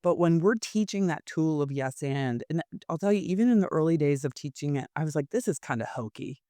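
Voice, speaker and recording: A woman, an improv teacher and coach, telling a candid personal story as a podcast guest, expressive and quick to laugh. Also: low-pitched, no echo. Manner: expressive, laughs often, frequent restarts.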